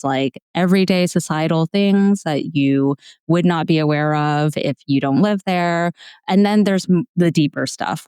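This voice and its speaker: A woman's voice: deep voice, darkish tone, smooth, dry recording. A young adult woman from the United States, a guest on an interview podcast, talking candidly about her own experiences and laughing now and then as she tells them. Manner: candid, laughs while telling stories. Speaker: guest, founder of a language platform. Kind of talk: conversational interview answer.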